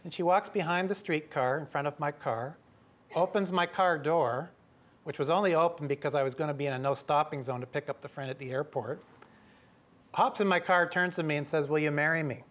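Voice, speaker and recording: A middle-aged man from Canada telling a lively story to an audience, acting out the voices of the people in it. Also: fairly high pitch, brisk. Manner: lively, acts out quoted voices. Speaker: professor telling a story at a talk.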